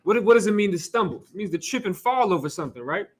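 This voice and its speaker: A husky, high-sitting male voice, animated and quick-paced. He's a scripture class teacher giving an offhand, conversational sermon, firing rhetorical questions and asides, swearing now and then, and laughing with the room.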